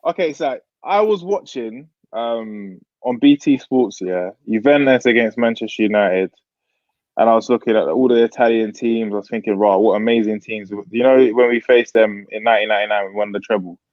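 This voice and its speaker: A man's voice: on the low side, normal speed, darkish tone, dry recording, highs cut off. A man in casual football banter, arguing his point with rhetorical questions. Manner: argumentative, explains with rhetorical questions. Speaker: co-host.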